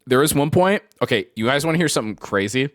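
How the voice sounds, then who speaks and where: Lively twenties man telling stories. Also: mid-range voice, fast talker, no echo, clean studio sound. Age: 20s. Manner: rambling anecdotal storytelling, laughs often. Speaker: streamer. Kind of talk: casual live-stream chat with viewers.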